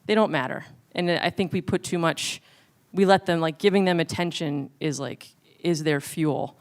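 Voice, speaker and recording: Animated woman with a smooth voice. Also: low voice, normal speed. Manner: animated, acts out exchanges. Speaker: comedian panelist. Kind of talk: panel discussion.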